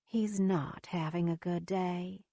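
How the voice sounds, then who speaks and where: A woman voicing a kind female nurse who speaks gently, steadily and reassuringly. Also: mid-range voice, unhurried, no room sound.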